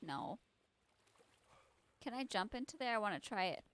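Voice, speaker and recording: Young woman, gameplay chat, excitable, bright tense tone, lively swooping pitch. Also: normal speed, clean tone. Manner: excitable, gasps and squeals at scares.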